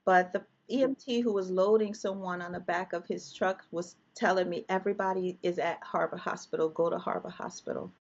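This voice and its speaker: A woman's voice: lowish voice, fairly even intonation, fairly quick, few pauses, muffled recording. A woman guest telling an emotional personal story, vividly reliving scenes with quoted dialogue.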